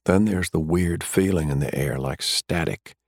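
A man narrating a thriller audiobook in a measured, steady way. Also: low voice, breathy edge, dry recording, studio quality.

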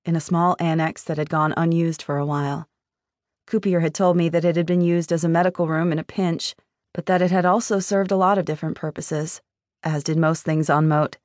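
A woman giving steady first-person narration of a novel, recorded close. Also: lowish voice, dry recording. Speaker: audiobook narrator.

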